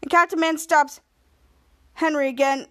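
A woman's voice: high voice, fairly even intonation, normal speed, fairly bright tone. A woman podcast host casually recapping a TV episode, retelling the plot with chatty "he's like" quoting.

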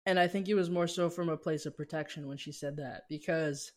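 A man's voice: on the high side, steady tone, fairly quick. A young man, a podcast guest, telling personal stories with animation and acting out family dialogue. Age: young adult. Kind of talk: podcast interview storytelling.

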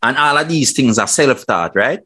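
A man's voice: medium pitch, animated, moderate pace, sharp tone, slightly rough. A Jamaican man co-hosting a podcast, asking questions in patois with ready laughs. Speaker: podcast co-host. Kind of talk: casual interview chat.

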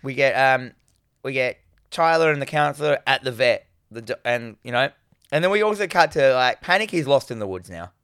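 A man's voice: mid-range voice, lively intonation, a little fast, fairly bright tone, clean tone, no room sound. Laid-back man, dry sound. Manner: laid-back, rambling, swears freely. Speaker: podcast co-host. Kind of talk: casual chat recapping a film.

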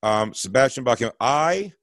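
A man's voice: medium pitch, expressive, normal speed, a bit bright, no room sound. A man in his forties telling a long comedic story on a podcast, rambling with fillers and restarts. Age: 40s. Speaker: podcast co-host.

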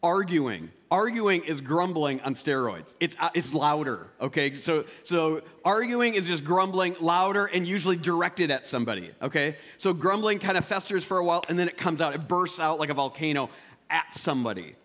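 A man preaching a sermon as pastor, swinging between loud emphatic peaks and quiet, intimate asides. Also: a little high, animated, normal speed.

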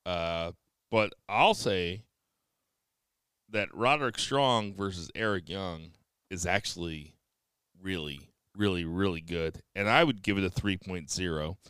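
A man's voice: deep voice, measured pace, fairly bright tone, clean tone, dry recording, clean studio sound. A man hosting a casual podcast, chatting and joking with his co-hosts. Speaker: podcast host.

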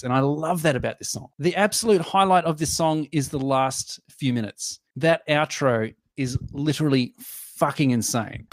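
A man's voice: mid-range voice, dry recording, studio quality. A man co-hosting a casual music review podcast, enthusiastic, humming and singing bits of songs as he talks. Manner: enthusiastic, sings and hums musical lines. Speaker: podcast co-host.

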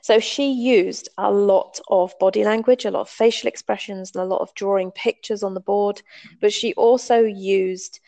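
A woman's voice: mid-range voice, fairly even intonation, normal speed, mellow. A woman from the United Kingdom, telling a story in a casual, conversational way and explaining step by step with the odd um. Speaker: storyteller recalling a language class.

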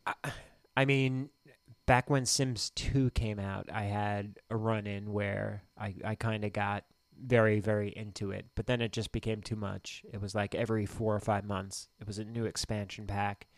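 A man's voice: on the low side, flat delivery, normal speed, no echo. A man co-hosting a podcast, chatting casually in a rambling, hesitant way and swearing now and then. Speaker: podcast co-host. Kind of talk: casual chat.

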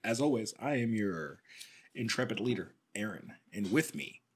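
A man's voice: lowish voice, expressive, moderate pace, a little hiss or hum. A man hosting a casual podcast chat, joking around and swearing freely. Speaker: podcast host.

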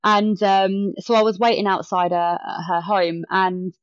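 A woman's voice: medium pitch, a little slow, no echo. A woman, a podcast guest telling a story in casual chat and acting out the quotes. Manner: animated retelling with acted-out quotes. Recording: dull lo-fi dry sound.

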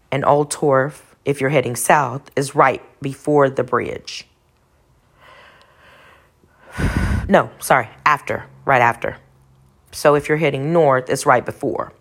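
A woman's voice: extremely low pitch, unhurried. A woman from Texas telling a personal faith testimony in an earnest storytelling way, retracing details aloud as she goes. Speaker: speaker sharing a testimony.

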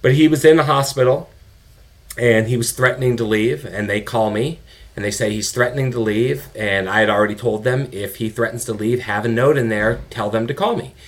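A man's voice: mid-range voice, a little fast. Middle-aged man telling a raw story. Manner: animated, swears, quotes people in their own voices. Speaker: guest, father of an addicted son. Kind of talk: candid conversational storytelling.

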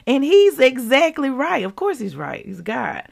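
A woman's voice: high voice, wildly swooping pitch, unhurried, vocal fry, hardly any pauses, darkish tone, breathy edge. A woman hosting a podcast, sharing a personal faith testimony in an emotional, exclamatory way and calling out to her listeners. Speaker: podcast host. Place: home.

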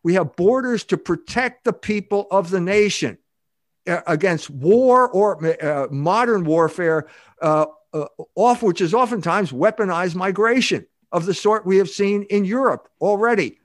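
An older man speaks as a podcast guest, his voice sitting fairly high for a man. He talks emphatically and rambles, restarting sentences as he goes. The sound is dry and close. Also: unhurried, no room sound. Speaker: guest author. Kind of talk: podcast interview.

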